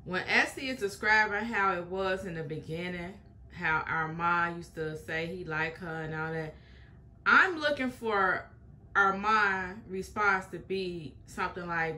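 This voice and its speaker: A woman talks through a reaction video in a casual, chatty way, stressing and restating each point. Her voice is bright and a little sharp, and her pitch sits in a middle range. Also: measured pace, a little hiss or hum. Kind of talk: casual commentary.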